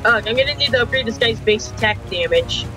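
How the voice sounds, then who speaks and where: A man's voice: extremely high pitch, lively intonation, quick pace, music in the background. A young man commenting on his gameplay, frustrated and complaining, with frequent mild swearing. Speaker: gaming channel host. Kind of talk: game commentary.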